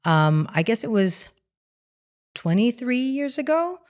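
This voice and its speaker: A woman's voice: a little high, slow pace. A middle-aged woman from Hawaii, a guest in a casual interview, telling stories and acting out quotes. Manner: animated storyteller, acts out quotes. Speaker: guest actress.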